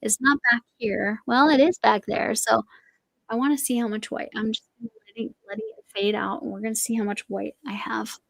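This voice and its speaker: Gravelly-voiced chatty woman host. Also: a little high, fairly even intonation, moderate pace, no echo, low-quality recording. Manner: rambling, chatty, trails off and restarts. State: voice slightly going. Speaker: crochet livestream host. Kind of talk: casual chat while crocheting.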